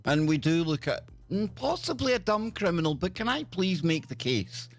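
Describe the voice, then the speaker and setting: A man's voice: sits high, sing-song, moderate pace, creaky, soft background music. A man hosting a live stream, riffing crudely and jokily on odd news stories with stammered restarts. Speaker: show host.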